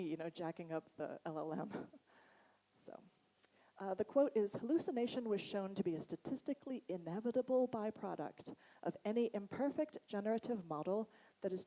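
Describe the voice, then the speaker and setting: A woman with a Boston accent giving a chatty, animated conference talk. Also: medium pitch, poor audio. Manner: chatty and animated, laughs often. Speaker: conference speaker. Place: conference hall.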